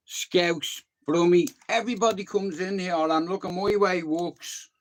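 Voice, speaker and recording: A man's voice: high voice, a little slow, few pauses. An Irish man in his fifties, chatting on a livestream in a rambling way, often repeating himself and swearing casually. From Ireland. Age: 50s. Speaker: YouTube livestreamer.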